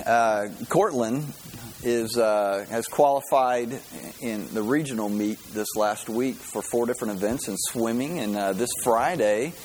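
A man's voice: medium pitch, a little hiss or hum, rough recording. A man preaching a sermon as pastor, in a folksy storytelling way with many fillers and restarts.

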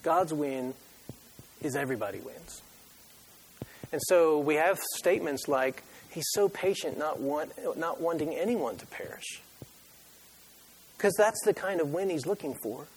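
A man preaching a sermon who tells an animated, joking story and acts out his own reactions. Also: fairly high pitch, measured pace, long pauses, husky. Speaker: pastor.

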